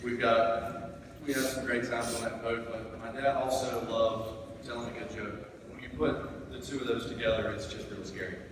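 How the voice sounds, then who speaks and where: A man's voice: mid-range voice, fairly even intonation, normal speed. A man giving a eulogy for his father, telling a family story and retelling a joke with some laughter. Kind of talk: memorial speech, storytelling. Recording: echoey hall, distant mic, background noise.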